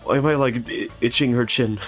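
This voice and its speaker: A playful man chatting through a video game on stream, giggling often and reading lines aloud between his own remarks. His voice sits at a middling pitch, with faint music behind him. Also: a little fast. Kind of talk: casual gameplay commentary.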